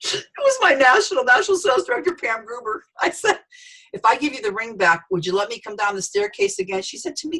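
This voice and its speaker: A middle-aged woman giving an animated sales training talk, telling stories with voices for the people in them. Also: high voice, a little fast, vocal fry, poor audio. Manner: storytelling, lively quoted voices.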